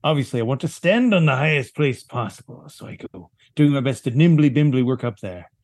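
A man's voice: medium pitch, animated, fairly quick, darkish tone, dry recording, studio quality. A man playing a tabletop game, laying out his plans at length. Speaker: player.

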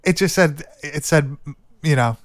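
Smooth-voiced man chatting about films. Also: on the high side, unhurried, no room sound, studio quality. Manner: loose and chatty, swears casually, stumbles over names. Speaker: podcast co-host. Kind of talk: casual movie discussion.

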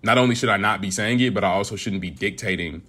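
A man, a hip hop artist, answering interview questions in an earnest, measured way and laughing easily. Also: fairly low pitch, a bit bright. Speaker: guest rapper.

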